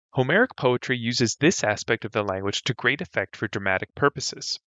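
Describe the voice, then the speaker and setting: A man's voice: medium pitch, fairly quick, hardly any pauses, sharp tone, no room sound. A man hosting an educational podcast, narrating a scripted lesson with light enthusiasm and humor. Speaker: podcast host. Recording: slightly dull, dry recording.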